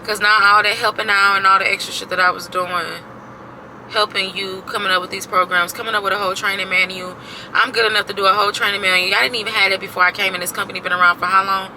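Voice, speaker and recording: Exasperated woman venting with bright voice. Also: mid-range voice, level tone, fast, a little hiss or hum, poor audio. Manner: exasperated, emphatic, repeats herself, swears freely. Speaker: vlogger. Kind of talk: casual venting to camera.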